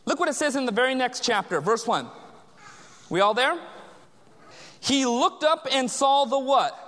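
A man's voice: very high-pitched, animated, a little slow, fairly bright tone. A man preaching a sermon as pastor, quizzing the congregation with call-and-response questions. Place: large church sanctuary. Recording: long church reverb.

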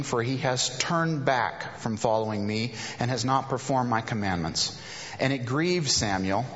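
A man preaching a sermon, reading scripture aloud and breaking off to explain and paraphrase it. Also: medium pitch. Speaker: pastor. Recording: reverberant hall, dull lo-fi sound.

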